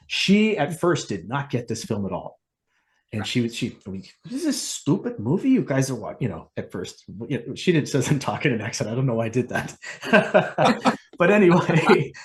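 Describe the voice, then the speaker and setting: Guy hosting a podcast, mid pitch, rambles off topic and laughs at himself. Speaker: podcast host. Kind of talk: casual chat.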